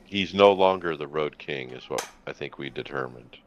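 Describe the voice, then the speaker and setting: A man's voice: extremely low pitch, moderate pace, dull audio. A man hosting a casual podcast, running through race results and calling on his co-hosts. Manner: runs the segment, calls on co-hosts. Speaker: podcast host. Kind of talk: casual chat.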